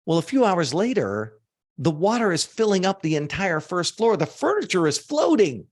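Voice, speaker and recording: A man teaching a live seminar, animated and informal, swearing now and then for emphasis and asking the audience to join in. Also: high-pitched, moderate pace. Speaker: motivational speaker.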